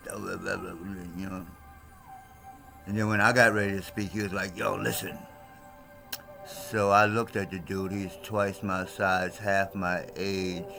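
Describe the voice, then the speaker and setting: A man's voice: sits low, level tone, a little slow, creaky. An older man vlogging, telling a rambling personal story in a laid-back, meandering street-talk manner. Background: music playing.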